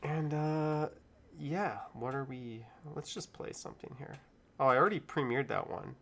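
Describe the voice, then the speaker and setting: A man's voice: medium pitch, normal speed, gravelly, fairly bright tone. A middle-aged man hosting a casual live stream, rambling in an easygoing way and chuckling often. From Canada.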